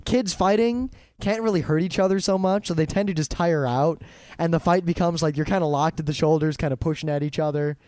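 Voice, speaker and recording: A man's voice: a little high, a little fast, darkish tone, smooth, no room sound. A young man co-hosting a podcast, telling rambling stories in casual chat. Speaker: podcast co-host.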